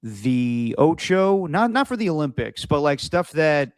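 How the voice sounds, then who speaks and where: A man's voice: a little high, sing-song, measured pace, clean tone, dry recording. A man co-hosting a sports podcast in casual chat, rambling with many "like"s and restarts. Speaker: podcast co-host.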